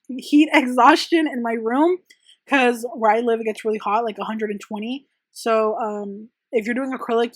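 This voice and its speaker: A woman's voice: mid-range voice, dry recording. A young woman who makes press-on nails, chatting casually and rambling through viewer questions with many "like" and "um" fillers. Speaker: press-on nail artist and channel host. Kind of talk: chatty Q&A vlog. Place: her home room.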